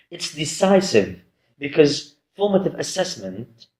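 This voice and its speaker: A man's voice: medium pitch, a little mellow. A man giving a recorded lecture, hesitant and full of fillers and restarts. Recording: roomy echo.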